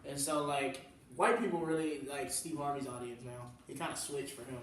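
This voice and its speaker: A young comedian from New Orleans in the Southern US hosts a casual chat, laughing through slang-filled stories. His medium-pitched voice is steady and fairly bright at a normal pace, picked up by a distant mic in an echoey room with slight background noise.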